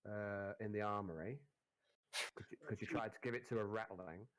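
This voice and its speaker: A man's voice: lowish voice, moderate pace, a bit bright, no echo, poor audio. A man running a tabletop game and checking rules as he goes, often stopping and restarting. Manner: hesitant, lots of restarts while checking rules. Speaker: game master.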